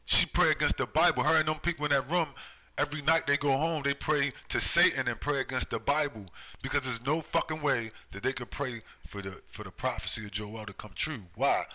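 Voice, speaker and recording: Male preacher, fiery and repetitive, very bright edgy tone. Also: medium pitch, rough recording. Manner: heated, repetitive, rhetorical "right?" tags. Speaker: online preacher. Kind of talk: street-style scripture commentary.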